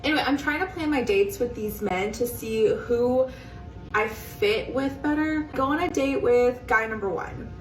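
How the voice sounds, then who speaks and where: A woman telling a casual dating story to camera in an excited, gushing way. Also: on the high side, measured pace, soft background music. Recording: echoey room, distant mic.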